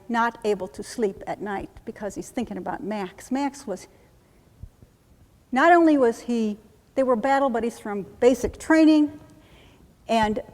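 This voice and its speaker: A woman trainer demonstrating a trauma-relief technique, calmly repeating soothing reassurances in a steady chant. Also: on the high side. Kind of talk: instructional demonstration. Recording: long reverb.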